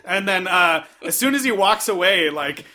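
A man co-hosting a casual podcast, recapping a movie and acting out characters in quick voices. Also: sits high, lively intonation, pushed and bright. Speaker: podcast co-host.

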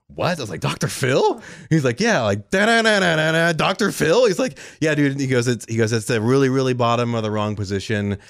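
Fast-talking deep-voiced man telling a story. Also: dry recording, clean studio sound. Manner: animated, quotes people in lively voices. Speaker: radio show cast member. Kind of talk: conversational storytelling.

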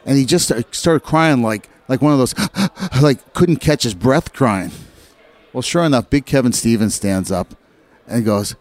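A middle-aged man who used to play hockey talks at normal speed and medium pitch. Chatting casually, he recounts locker-room stories with animation, doing the voices of whoever he's quoting.

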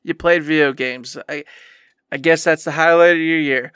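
A young man on a gaming podcast chews out his past self with mock anger, sometimes slipping into a whiny parody of himself. His voice sits high and sounds bright and forward. The mic is close and dry. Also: fairly even intonation, normal speed, clear, resonant tone, no room sound. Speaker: podcast co-host. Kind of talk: casual podcast chat.

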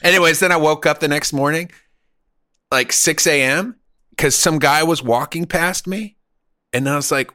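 A man's voice: on the high side, unhurried, sharp tone. A middle-aged man casually telling a crude, rambling anecdote with frequent laughs. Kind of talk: casual storytelling.

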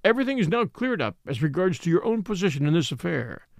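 A man's voice: high-pitched, sing-song, quick pace, creaky, no room sound, exaggerated voice. A man reading the part of a formal, severe middle-aged French magistrate. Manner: formal, polite but severe. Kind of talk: audiobook character reading.

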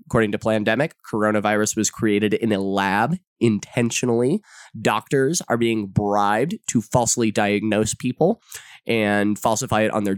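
A man delivering a sarcastic, profane commentary monologue, jumping into high mock-dramatic tones to mock what he describes. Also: dry recording, studio quality. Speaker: online commentator.

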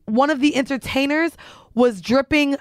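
A woman's voice: sits high, normal speed, no room sound. A young adult woman co-hosting a podcast, blunt and crude as she chimes in during casual chat. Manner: blunt, chiming in, crude humor. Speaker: podcast co-host.

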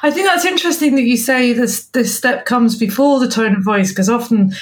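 A woman's voice: fairly high pitch, moderate pace. A woman hosting a podcast who chats and asks questions, stumbling over words now and then. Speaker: podcast host. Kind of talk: casual interview chat.

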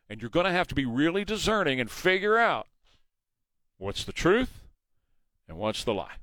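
Emphatic radio talk host, dry studio sound. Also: male voice, fairly high pitch, very animated, normal speed, a bit bright, dry recording. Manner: emphatic, rhetorical questions. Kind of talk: morning news talk monologue.

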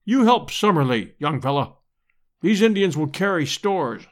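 A man voicing a bluff, slangy aristocratic English hunter who speaks briskly and heartily. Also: on the high side, big pitch swings. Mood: hearty.

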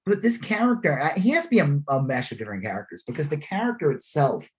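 A man's voice: a little high, sing-song, fast talker. A man co-hosting a podcast in casual chat, rambling with many fillers and frequent laughs. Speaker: podcast co-host.

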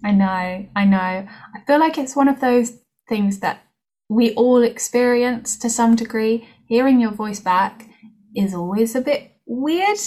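A woman's voice: on the high side, measured pace, darkish tone. A woman co-hosting a casual podcast chat, talking in a chatty, hedging way full of "like" and "I feel". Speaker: podcast co-host.

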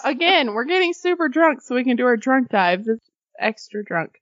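A woman from Arkansas reads ghost stories aloud for a casual podcast, her voice pitched high. She breaks off for jokey, sweary asides and plenty of laughter. The recording is dry and a little dull, with no room sound. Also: sing-song, moderate pace, no echo. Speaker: podcast co-host.

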